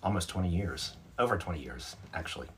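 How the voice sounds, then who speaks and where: A man's voice: deep voice, animated, a little fast, a bit bright, slight background noise. A man from North Carolina, hosting a casual livestream and answering viewer comments in a chatty, self-mocking way. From North Carolina, USA. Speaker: livestream host. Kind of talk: casual live chat, reading out viewer comments.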